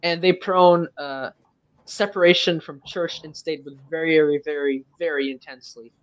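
Young guy, 18, french is his first language, rambly guest on a stream, kinda high voice, dry close mic. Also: fairly even intonation, normal speed, no room sound, lo-fi sound. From Quebec, Canada. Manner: rambling, lots of fillers and restarts. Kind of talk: casual chat.

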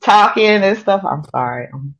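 A woman's voice: medium pitch, animated, normal speed. A woman chatting casually, telling stories animatedly and acting out quotes with laughter. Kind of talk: casual chat. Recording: dull lo-fi sound.

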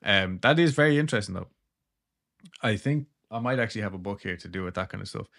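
A man's voice: on the low side, expressive, fast talker, creaky, fairly bright tone. A man co-hosting a podcast, casually retelling a story with jokes and laughter. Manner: joking, laid-back, trails into laughs. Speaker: podcast co-host.

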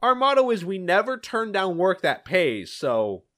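A man's voice: high voice, sing-song, a little slow, a bit bright, pitched above the performer's own voice, exaggerated voice. A man voicing a sly male crocodile detective from a comic, in a coaxing way.

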